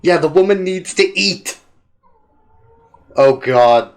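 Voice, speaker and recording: A man's voice: on the high side, lively intonation, slow pace. Laughing, exasperated man reacting. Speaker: host. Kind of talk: casual reaction chat.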